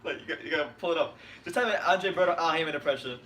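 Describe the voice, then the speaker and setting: A young man chats casually on a live boxing reaction stream, quick and full of jokes. His voice is bright and forceful and sits slightly above average in pitch. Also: slight background noise. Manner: animated, joking, quick-talking.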